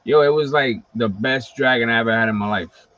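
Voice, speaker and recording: A man hosts a casual livestream and tells animated stories full of fillers and swearing. His voice sits at a middle pitch. The stream audio is a little muffled and lo-fi. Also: a little fast. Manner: animated, profane storytelling with lots of fillers. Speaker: host of a wrestling collectibles livestream. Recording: slightly dull lo-fi stream audio.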